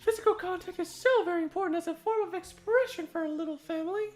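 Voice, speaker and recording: A man's voice: extremely high pitch, quick pace, a little mellow, voice pushed up. A man voicing a flamboyant, pompous woman prison warden in a game dub, with a sugary, theatrical delivery. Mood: grandiose. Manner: grand, sugary, pompous delivery with fake airs.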